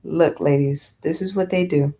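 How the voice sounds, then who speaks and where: A woman's voice: deep voice, steady tone, normal speed, warm tone. Blunt, profane woman venting on a vlog. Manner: blunt and profane, rambling with many fillers. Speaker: vlogger. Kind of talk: casual vlog rant.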